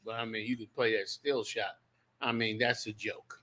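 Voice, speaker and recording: A man's voice: on the low side, level tone, moderate pace, bright, forceful tone. A man hosting a talk radio show, speaking emphatically with repeated phrases and frequent laughter. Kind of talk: casual talk radio banter.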